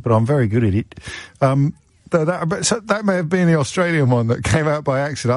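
A man's voice: a little high, lively intonation, fairly quick, dry recording. A man hosts a radio phone-in from a dry, close studio mic. He talks in loose, rambling asides and teases himself and his team as he goes. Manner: rambling, teasing, self-mocking asides. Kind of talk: casual radio chat. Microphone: studio microphone.

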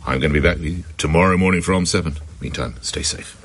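A man hosting a radio phone-in, brisk and probing with callers, at times sympathetic. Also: deep voice, a bit bright, breathy edge. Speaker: radio host. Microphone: studio microphone.

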